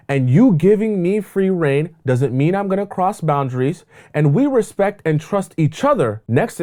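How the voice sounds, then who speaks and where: A man's voice: mid-range voice, mellow. A man giving dating advice as a coach, emphatic and repetitive in a preachy way. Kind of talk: advice monologue to camera.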